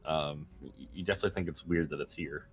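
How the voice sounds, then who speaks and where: A man's voice: rumbling low, fairly even intonation, fast. A man narrating as game master, hesitant and full of ums and uhs. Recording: faint music behind.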